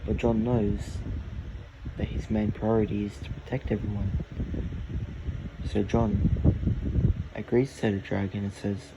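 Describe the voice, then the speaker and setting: Brief: male storyteller making up a fantasy tale, slow halting phrasing, flat delivery, loud air-conditioner hum. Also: on the low side.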